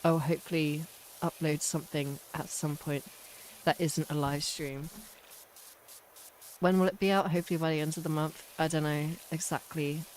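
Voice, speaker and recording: A woman's voice: sits low, flat delivery, moderate pace, a little mellow, slight background noise, rough recording. A woman chatting casually on a game live stream, rambling and self-mocking.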